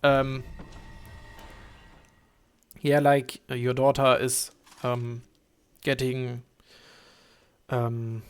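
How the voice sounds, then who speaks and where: A man's voice: medium pitch, little pitch movement, clean tone. Rambling young man streaming a game. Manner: rambling, halting, many fillers and restarts, swears. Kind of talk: casual gameplay commentary.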